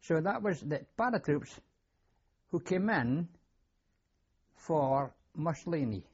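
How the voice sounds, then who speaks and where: Taking his time, this older Scottish veteran recalls the past with lively intonation in an oral history interview, plain-spoken and prone to repetition. His voice is a little high, darkish and slightly rough, and the audio is dull.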